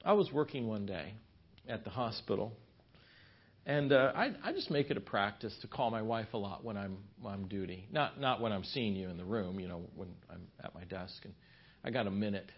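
A man's voice: fairly low pitch, a little fast, husky. A man teaching a marriage seminar in a church, speaking in a folksy, conversational way and telling stories with asides and restarts. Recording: slightly dull lo-fi recording.

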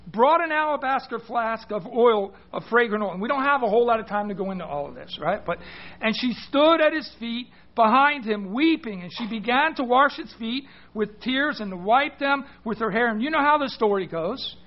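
A man's voice: very high-pitched, expressive, normal speed, highs cut off. A man preaching a sermon, emphatic, putting questions to his listeners and often restarting his words. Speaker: pastor.

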